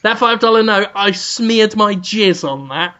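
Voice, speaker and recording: A man's voice: high voice, animated, measured pace, sharp tone, exaggerated voice. Sneering two-faced chef, foul-mouthed, as a man puts him on, muffled lo-fi sound. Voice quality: sneering, swearing constantly. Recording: dull lo-fi podcast audio.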